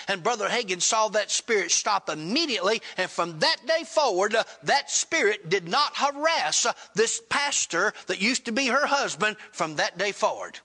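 A man's voice: big pitch swings, normal speed, pushed and bright. A man preaching a sermon, retelling a story in plain, folksy speech and acting out both sides of the dialogue. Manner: retells dialogue with rising pitch, Southern colloquial grammar.

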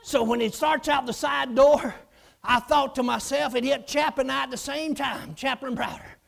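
A man preaching a lively story, acting out voices and often shouting. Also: very high voice, normal speed, vocal fry. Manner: animated, acts out voices, shouts and laughs. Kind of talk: storytelling sermon.

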